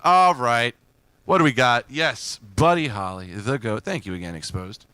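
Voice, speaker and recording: A man's voice: medium pitch, moderate pace, pushed and bright, clear, resonant tone, dry recording. A man hosting a live music request stream, chatting casually and rambling as he reads and answers viewers, often laughing. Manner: laughs often, loose and joking. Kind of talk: casual live-stream chat between songs.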